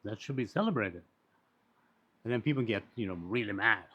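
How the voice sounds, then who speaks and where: A man talking in a casual, rambling monologue, blunt and quick to swear, with frequent restarts and asides. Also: lowish voice, lively intonation, bright, forceful tone, husky. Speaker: commentator on social issues. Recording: dull lo-fi recording.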